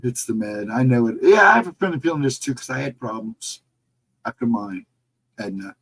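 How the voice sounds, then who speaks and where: A middle-aged man talks to viewers on a casual livestream, reading the chat as it scrolls by and answering each one. His tone is relaxed and reassuring. His voice sits at an ordinary pitch with a husky edge. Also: normal speed, rough recording. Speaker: livestream host.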